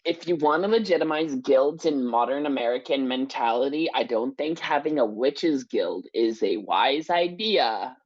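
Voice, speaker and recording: Blunt foul-mouthed woman, low voice. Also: animated, moderate pace, hardly any pauses, darkish tone, muffled recording. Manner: blunt, swears a lot, jokey. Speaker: podcast co-host. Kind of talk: casual chat.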